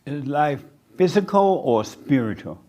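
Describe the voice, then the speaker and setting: A man leading a church question-and-answer session, brisk and teasing as he calls on people. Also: a little high, very animated, dark tone. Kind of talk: casual church discussion.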